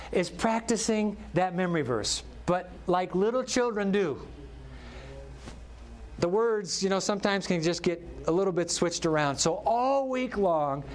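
A male pastor preaching a sermon. He tells stories animatedly and drops to soft, slow words for emphasis. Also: high voice, slight background noise.

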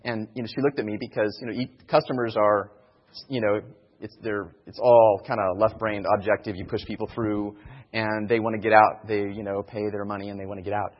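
A man with a lowish, fairly flat voice speaks fairly quickly in an informal sermon teaching evangelism. He earnestly repeats key phrases about sharing faith, and the recording sounds dull in a reverberant hall.

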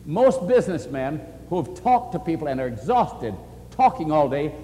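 A man preaching and answering questions, earnest and animated, often quoting scripture. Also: on the high side, moderate pace, big-room sound, slight background noise. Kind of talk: sermon-style question and answer.

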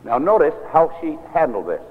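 A minister telling a story in a sermon, earnest and measured, often quoting scripture. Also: male voice, fairly high pitch, very animated. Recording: tinny lo-fi recording in an echoey hall.

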